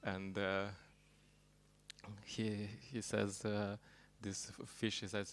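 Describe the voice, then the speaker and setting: Low, gravelly man giving a talk. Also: level tone, a bit bright. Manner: halting, storytelling, laughs at own jokes. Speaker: speaker at a temple program. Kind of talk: sermon.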